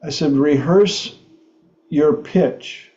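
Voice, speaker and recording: Slow, laughing male storyteller. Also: fairly high pitch, mellow, echoey room, dull audio. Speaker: host. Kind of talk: storytelling talk show.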